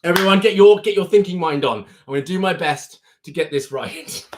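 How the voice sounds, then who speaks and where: A man's voice: high-pitched, fairly quick, slight background noise. A young man hosting a casual live stream, chatty and often breaking into laughter. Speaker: livestream host.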